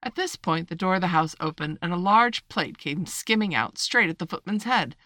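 Low-voiced woman reading a storybook. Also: expressive, normal speed, pushed and bright, no echo, clean studio sound. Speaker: narrator. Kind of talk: audiobook reading.

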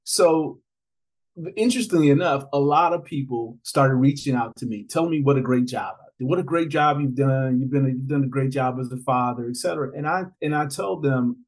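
A man's voice: medium pitch, fairly quick, low-quality recording. A man guesting on a podcast, telling stories with animation, laughing often and acting out what other people said. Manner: animated, laughs often, acts out quoted voices. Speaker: podcast guest, author and father. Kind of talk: conversational storytelling.

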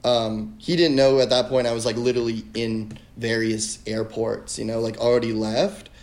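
A man's voice: mid-range voice, flat delivery, moderate pace, darkish tone. A young man telling a story in casual podcast chat, rambling with lots of filler words and swearing. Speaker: guest. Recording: roomy echo.

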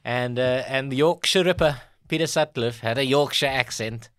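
A man's voice: medium pitch, normal speed, fairly bright tone, a little hiss or hum. A South African man co-hosting a comedy trivia show, telling facts in a laid-back way with easy banter. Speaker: co-host.

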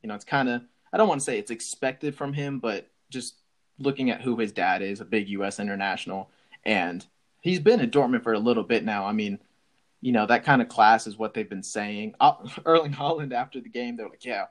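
Casual sports podcast co-host: young man, mid-pitched, excitable, laughs easily. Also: fairly quick. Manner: excitable, laughs often, many restarts.

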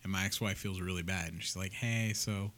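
A man's voice: deep voice, little pitch movement, fast talker, sharp tone. A man co-hosting a podcast, telling stories in a blunt, sarcastic way with some swearing. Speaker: podcast co-host. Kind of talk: casual storytelling chat.

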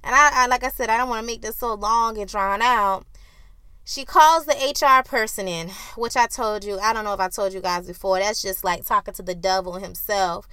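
A woman hosting a solo podcast, telling a story in a heated, profane way and acting out arguments loudly. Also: medium pitch, steady tone, normal speed, clear, resonant tone, dry recording. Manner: acts out quoted arguments loudly. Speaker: podcast host.

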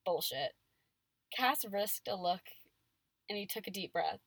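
A woman's voice: mid-range voice, animated, measured pace, a bit bright, husky, dry recording. A woman reading fan fiction aloud on a casual podcast, giving the dialogue playful emphasis and chatting between passages.

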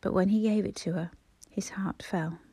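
Soft-spoken woman audiobook narrator. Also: mid-range voice, steady tone, moderate pace, creaky, slightly rough, no echo. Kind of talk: scripted narration.

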